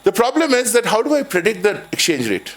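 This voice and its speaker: Man, Indian English accent, high-pitched, finance lecture, rambling, restarts, anecdotes. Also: very animated, a little fast. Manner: rambling, many restarts and "kind of", jokey storytelling. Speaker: finance professor. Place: lecture hall.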